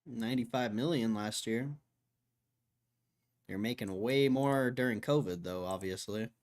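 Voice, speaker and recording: Slow-talking man on a casual stream. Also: mid-range voice, a little mellow. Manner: loose, muttering to himself while reading charts. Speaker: stock market livestreamer. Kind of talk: casual livestream chat.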